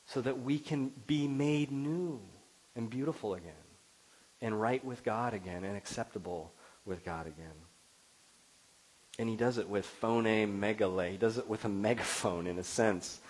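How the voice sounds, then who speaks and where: A middle-aged man delivering a sermon as pastor, expressive and building to emphatic peaks. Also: mid-range voice, rough recording.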